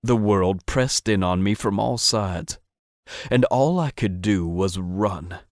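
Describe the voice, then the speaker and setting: A man narrating a first-person romance audiobook in an intimate, steady manner. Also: lowish voice, takes it slowly, no room sound, clean studio sound.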